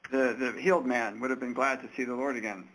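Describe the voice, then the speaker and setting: A man's voice: mid-range voice, fairly even intonation, fast, fairly bright tone, poor audio. A man taking part in a Bible study discussion, speaking hesitantly and thoughtfully, stumbling over the starts of sentences. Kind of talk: casual group Bible discussion.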